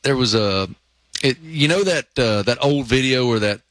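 A man who is a guest on a sports talk show, telling animated anecdotes with many fillers. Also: medium pitch, normal speed, dry recording. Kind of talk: casual sports chat.

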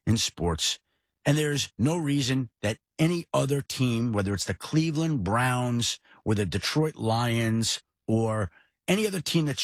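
A middle-aged man from the New York area hosting a sports podcast, telling stories in an animated, emphatic way. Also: mid-range voice, husky, no echo, studio quality. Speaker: podcast host. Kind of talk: casual sports talk.

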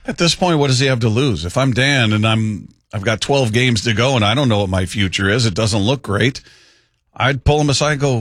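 A man co-hosting a sports talk show in casual chat, opinionated and animated as he argues through what a manager should do. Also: mid-range voice, fairly quick, dry recording, clean studio sound. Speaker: sports radio co-host.

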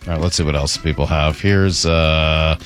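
A man's voice: extremely low pitch, steady tone, normal speed, smooth, faint music behind. A man hosting a radio show, chatting casually and reacting wryly to listener messages.

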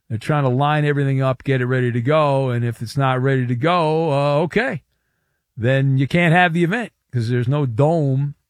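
A man's voice: a little high, no room sound, clean studio sound. A man hosting a late-night sports talk radio show, wry and teasing, with rambling asides. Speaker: radio host. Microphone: studio microphone.

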